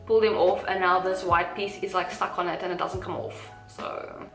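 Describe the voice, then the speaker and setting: In an echoey room with faint music in the background, a young South African woman vlogs casually, rambling with giggly asides. Her voice is on the low side and a bit bright, delivered flatly at a moderate pace.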